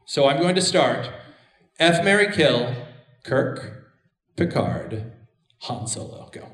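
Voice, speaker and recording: A man's voice: medium pitch, big pitch swings, slow, fairly bright tone. A man hosting a podcast game in casual chat, playful and teasing as he runs it. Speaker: podcast host. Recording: echoey room.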